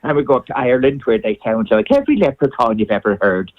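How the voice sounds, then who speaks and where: A man's voice: medium pitch, brisk, phone-quality sound, natural voice. A man doing a playful tour of exaggerated national accents, jumping from one to the next.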